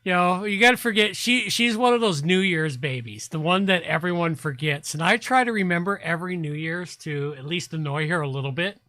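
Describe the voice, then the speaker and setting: A host with a Canadian accent in casual live chat, slow and halting, often restarting words. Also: mid-range voice, bright, forceful tone, no room sound.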